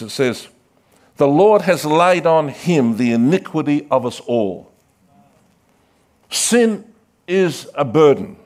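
Impassioned male pastor preaching. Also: on the high side. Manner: dramatic, swings from loud calls to hushed asides; acts out quoted voices. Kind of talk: sermon.

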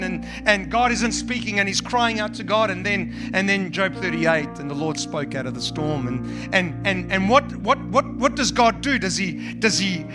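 A man's voice: high voice, expressive, moderate pace. A male pastor preaching a sermon, emphatic and repetitive, building up his points. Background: instrumental music.

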